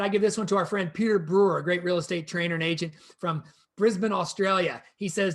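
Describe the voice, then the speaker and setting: A man presenting a real estate training session in an energetic, conversational way, speaking to a co-host and the viewers. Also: high voice.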